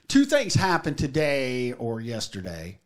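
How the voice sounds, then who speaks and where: A man's voice: mid-range voice, wildly swooping pitch, a little slow. A man co-hosting a podcast, telling stories casually, crude and laughing. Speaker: podcast co-host. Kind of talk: casual chat.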